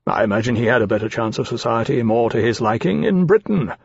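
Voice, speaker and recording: A man voicing a grave male captain who speaks in a measured, dry, formal manner. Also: mid-range voice, lively intonation, creaky, slightly rough, no echo. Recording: slightly dull, dry recording.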